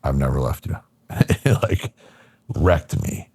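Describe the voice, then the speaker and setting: A man's voice: very deep voice, animated, slow, darkish tone, slightly rough, no room sound. A middle-aged man from Michigan, a podcast guest, telling a personal story casually with lots of fillers and acted-out quotes. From Michigan, USA.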